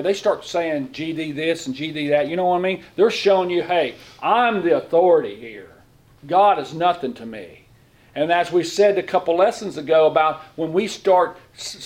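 A man's voice: fairly high pitch, a little mellow. A middle-aged man giving a conversational sermon as a lay preacher, folksy, talking in plain informal grammar and often asking the room questions.

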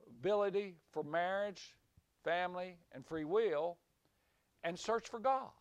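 With only a few listeners in a small room, a man gives Bible teaching that wanders and repeats before climbing to emphatic moments. His voice is fairly high-pitched, and there's no room sound.

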